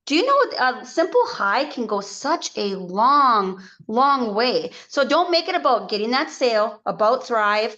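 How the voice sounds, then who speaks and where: A woman's voice: sits high, animated, a bit bright, lo-fi sound. A woman hosting a motivational team video call, chatty and encouraging. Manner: chatty, encouraging, quick asides.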